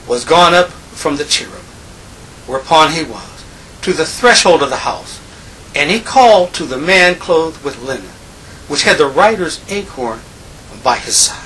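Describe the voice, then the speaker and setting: A man's voice: sharp tone, a little hiss or hum, poor audio. A man preaching a sermon, reading scripture and pressing his points with emphatic, rising delivery. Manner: emphatic, rising in pitch and volume on key points.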